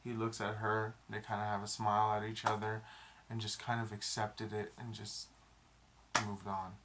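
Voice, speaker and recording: A man's voice: fairly low pitch, completely flat delivery, moderate pace, noisy background. A young man vlogging a casual, rambling movie review, full of fillers and restarts.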